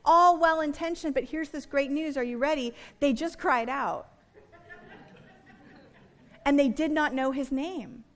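A middle-aged woman pastor delivers a sermon in a high voice. She is earnest and slows down to stress her points, often falling soft and quiet on key words before lifting again.

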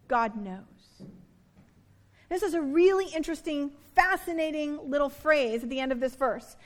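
A woman in her thirties, a pastor delivering an earnest sermon and slowing down to stress key words. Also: high voice, a bit bright.

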